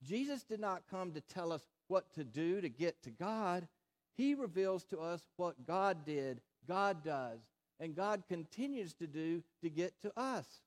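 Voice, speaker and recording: A male pastor delivers a sermon with a voice that sits a little higher than most men's. He leans hard on key words, slows down to drive a point home and piles up rhetorical questions for his listeners. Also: expressive. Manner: emphatic preaching with rhetorical questions and slowed, stressed phrases.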